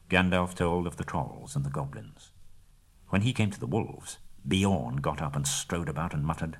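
A man reading a storybook aloud in measured narration, dropping to a hush at quiet moments. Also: deep voice, expressive, husky.

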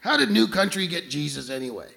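A male stand-up comic on a club stage with a high, bright voice and a gravelly rasp. He mocks his targets and keeps throwing rhetorical questions at the crowd, with faint noise behind him. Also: very animated, fast. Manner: mocking, fires rhetorical questions at the audience. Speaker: stand-up comedian. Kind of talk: stand-up comedy routine.

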